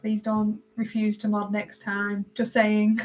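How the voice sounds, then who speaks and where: A woman from Britain hosting a casual live stream while she colors, greeting viewers by name and answering their comments, her voice often drifting quieter as she concentrates. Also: mid-range voice, monotone, slow, rough recording. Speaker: livestream host.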